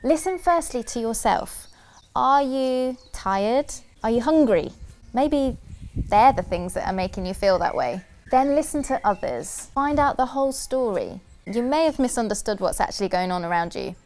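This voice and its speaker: A woman presenting a scripted children's church talk, asking questions gently and repeating key phrases in rhythm. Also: fairly high pitch, big pitch swings, moderate pace. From United Kingdom.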